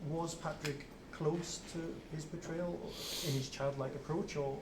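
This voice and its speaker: A man interviewing a guest for a podcast, curious and quick with short murmurs of agreement. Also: on the high side, steady tone. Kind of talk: casual interview questions. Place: convention venue. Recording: roomy sound with clear background noise.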